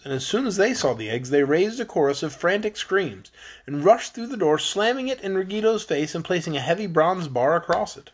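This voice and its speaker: A man narrating a children's fantasy book in a steady storytelling manner. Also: on the high side. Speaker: audiobook narrator. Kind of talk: storybook reading.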